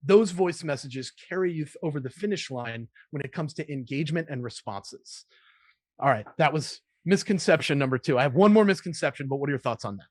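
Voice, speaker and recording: An energetic man shares sales advice as an interview guest, now and then acting out lines a caller might say. His voice sits a little high for a man. The sound is dry, with no room echo. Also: brisk. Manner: energetic, demonstrates call openers.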